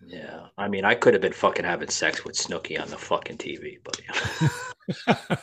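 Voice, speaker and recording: A man's voice: sits low, normal speed, gravelly, fairly bright tone, a little hiss or hum. A man hosting a podcast, telling rambling, profane stories in casual chat. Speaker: podcast host.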